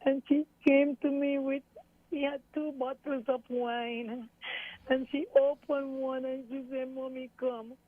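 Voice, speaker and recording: A woman's voice: high-pitched, little pitch movement, measured pace, dry recording. A middle-aged Jamaican woman in an interview, recalling events with her daughter and quoting what others said, tearful at times. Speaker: interviewee, mother of a missing woman. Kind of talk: emotional interview recollection. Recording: tinny phone-like dry sound.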